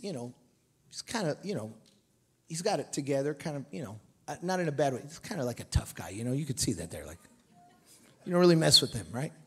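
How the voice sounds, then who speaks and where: High-voiced animated male revival preacher. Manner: animated, joking asides, rising to shouted emphasis. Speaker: pastor. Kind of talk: revival sermon. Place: church sanctuary.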